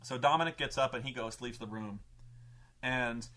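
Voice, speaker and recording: A man's voice: mid-range voice, normal speed, pushed and bright. A man telling a tabletop gaming story in a casual, profane, rambling way, full of restarts and stammered repeats. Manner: profane and emphatic. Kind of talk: casual anecdote.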